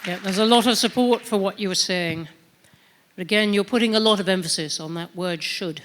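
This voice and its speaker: A woman's voice: medium pitch, fairly quick, slight background noise. A woman moderating a forum panel, putting direct, probing follow-up questions to a speaker. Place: conference panel stage.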